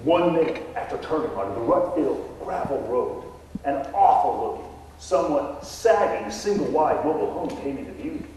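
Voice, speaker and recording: A man telling a comic tall tale as a contest speech, in a deadpan storytelling manner. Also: fairly high pitch, normal speed, slight background noise. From Texas. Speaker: contest speaker. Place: contest stage in a hall. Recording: echoey hall from far off.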